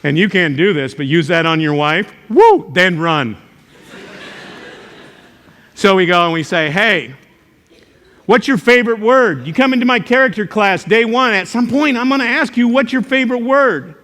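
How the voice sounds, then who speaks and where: An older man speaks to an audience in a large hall, and his voice rings with long reverb. His voice sits a little high for a man. He tells jokey stories and jumps into sudden loud exclamations. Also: normal speed. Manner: animated storytelling, joking, sudden loud outbursts. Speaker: character education teacher and speaker. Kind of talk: motivational talk to a live audience.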